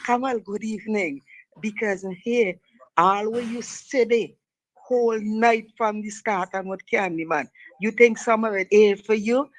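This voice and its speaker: A man's voice: high-pitched, slow, long pauses, rough recording. A man calling a radio show, teasing the host in a folksy way and laughing at his own jokes. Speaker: radio caller. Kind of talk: casual call-in chat.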